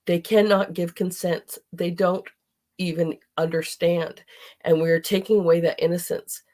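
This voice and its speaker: A woman's voice: on the low side, little pitch movement, measured pace, warm tone. A middle-aged woman hosting a podcast, speaking in an impassioned, indignant monologue and at times near tears. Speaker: podcast host.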